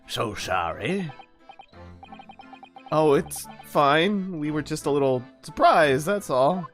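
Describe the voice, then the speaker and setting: A streamer voicing a polite, earnest young lawyer with a calm, courteous manner. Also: male voice, on the high side, takes it slowly. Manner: calm, courteous, a little puzzled. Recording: game music playing faintly behind.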